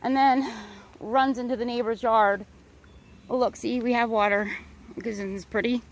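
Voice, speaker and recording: A woman vlogging as she walks a wooded park trail, chatty, rambling and excitable, a little out of breath. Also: fairly high pitch, moderate pace. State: slightly out of breath. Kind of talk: casual walking vlog narration. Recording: outdoor recording, crickets and faint background noise.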